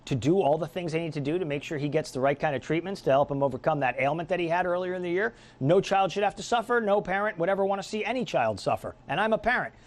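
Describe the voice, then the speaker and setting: A middle-aged man hosts political talk radio in a combative, sarcastic monologue. His pitch sits a little high and swings widely as he mocks and jabs. He delivers it as an animated rant. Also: quick pace, hardly any pauses. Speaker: radio talk show host.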